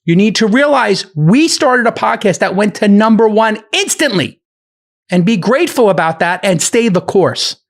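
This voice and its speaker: Animated, ranting male podcast host. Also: high voice, moderate pace. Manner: ranting, profane, emphatic. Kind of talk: heated podcast argument.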